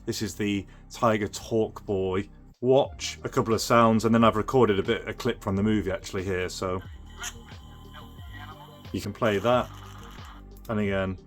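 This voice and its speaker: Low-voiced man demoing retro toys. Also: fairly even intonation, normal speed, soft background music. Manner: rambling, with many fillers and restarts. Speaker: retro toy restorer and channel host. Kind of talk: casual show-and-tell demo.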